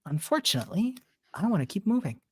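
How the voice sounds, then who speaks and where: A woman's voice: medium pitch, very animated, quick pace, breathy edge, no echo, clean studio sound. A woman patiently explaining code step by step in a live lesson. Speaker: coding instructor.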